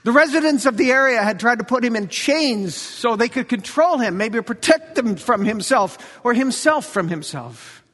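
Male preacher, high bright voice, animated storyteller, long church-hall reverb. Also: normal speed, hardly any pauses. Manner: animated storytelling, acts out quotes, jokes. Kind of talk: sermon.

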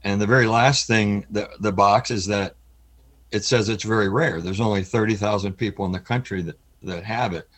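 A middle-aged man giving an interview, speaking in an earnest, halting way with frequent pauses, his voice cracking with emotion. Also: fairly low pitch, fairly even intonation, a bit bright. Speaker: interview guest. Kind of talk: candid personal interview.

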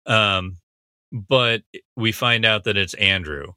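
Bright, dry-voiced man recapping a scene. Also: fairly low pitch, takes it slowly, clean tone, no echo. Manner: analytical, recaps dialogue with frequent fillers. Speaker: commentator breaking down a TV scene. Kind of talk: casual scene-by-scene commentary.

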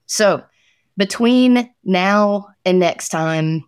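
A woman's voice: medium pitch, drawn-out words, clean tone, no room sound, clean studio sound. A woman co-hosting a podcast, speaking in a heartfelt, reflective way and chiming in with affirming words. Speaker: podcast co-host. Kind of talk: casual chat on hope and mental health.

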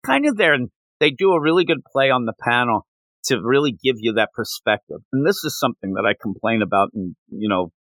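A man co-hosting a casual podcast, recapping a manga chapter in an animated way and jumping up in pitch when he quotes characters. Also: brisk, dry recording, poor audio. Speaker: podcast co-host.

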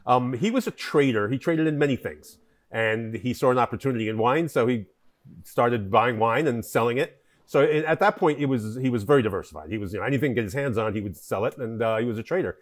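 A man's voice: mid-range voice, quick pace. A man, a wine importer, talking as a podcast guest and explaining history at length, with many fillers and restarts. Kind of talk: conversational interview.

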